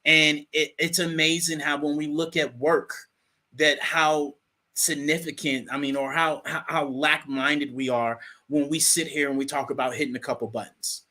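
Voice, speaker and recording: A young man co-hosts an online talk, spinning a casual story about work in a folksy, animated manner. His voice is bright and sits a bit high, and he often restarts and repeats words mid-sentence. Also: moderate pace. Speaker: co-host.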